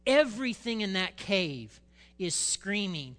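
A male pastor preaching a sermon, reading scripture and retelling it with animated, dramatic emphasis. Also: on the high side, slow, long reverb tail.

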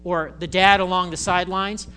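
A male pastor giving a conversational, animated sermon in church, acting out voices. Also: high voice, brisk, smooth.

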